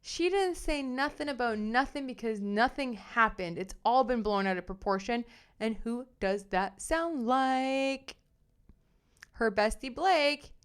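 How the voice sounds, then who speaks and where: A woman hosting a casual commentary show, reading viewer comments in an animated, sassy way with slang. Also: medium pitch, clear, resonant tone. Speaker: commentary host.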